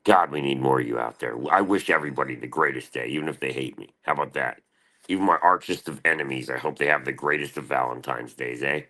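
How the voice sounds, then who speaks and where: A man streaming live, rambling in a profane, casual rant and mimicking other people in higher voices. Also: fast, pushed and bright. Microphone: streaming mic.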